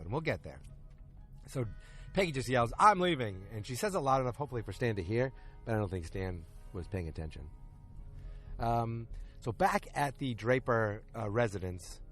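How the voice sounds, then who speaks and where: A man hosting a podcast, recapping an episode in a loose, casual way and acting out the characters' lines in quick quotes. He is recording outdoors in a park. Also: mid-range voice. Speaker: podcast host.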